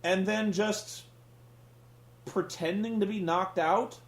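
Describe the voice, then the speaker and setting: A man's voice: high voice, fairly even intonation, slow, roomy sound. A man hosting a casual comedic rant, sarcastic and profane, sounding exasperated. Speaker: podcast host reviewing wrestling.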